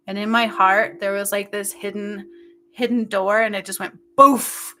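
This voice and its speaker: A woman leads an intuitive healing session in a soft, intimate voice that sounds bright and clear. She talks slowly and haltingly, drifting between thoughts with plenty of fillers, and her tone stays emotional throughout. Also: mid-range voice, little pitch movement, a little hiss or hum. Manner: slow, halting, meandering with many fillers. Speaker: spiritual healer.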